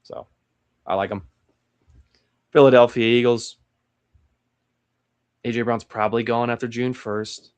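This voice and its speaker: A young man hosting a solo mock draft breakdown, thinking aloud with hesitant restarts. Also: fairly low pitch. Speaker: sports channel host.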